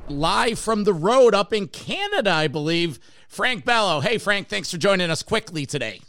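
A man's voice: high-pitched, very animated, normal speed, fairly bright tone, slight background noise. A man from Rochester, New York, hosting a metal podcast in an upbeat, chatty way with casual fillers. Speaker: podcast host. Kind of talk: radio-style show hosting.

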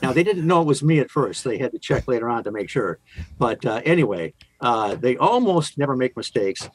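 A man working as a museum tour guide, telling chatty stories in an interview with a playful, deadpan humor. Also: mid-range voice, fairly quick, husky, poor audio. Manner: chatty, lots of fillers and restarts, playful deadpan jokes. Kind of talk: enthusiastic interview storytelling.

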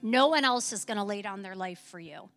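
A woman's voice: medium pitch, expressive, fairly quick, fairly bright tone, big-room sound, faint music behind. A woman pastor preaching a sermon in a church, with impassioned, emphatic repetition, then closing in prayer. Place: church sanctuary.

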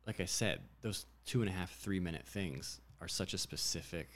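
A man with a very low, deep voice talks loosely about his directing work. He rambles, filling his sentences with "like" and "you know", in a relaxed chat. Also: moderate pace. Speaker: commercial director. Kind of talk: casual chat.

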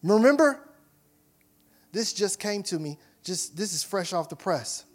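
A male pastor preaching in a high, ringing voice. He punches questions at the congregation and then drops to quiet, intimate asides. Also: very animated, measured pace, long pauses. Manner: emphatic preaching, rising to loud questions, dropping to soft asides. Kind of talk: sermon.

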